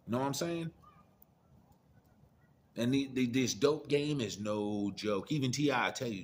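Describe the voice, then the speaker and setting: A man's voice: mid-range voice, animated, normal speed, a little hiss or hum. A middle-aged man giving a profane, preachy monologue of blunt warnings in casual rant style. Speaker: commentator.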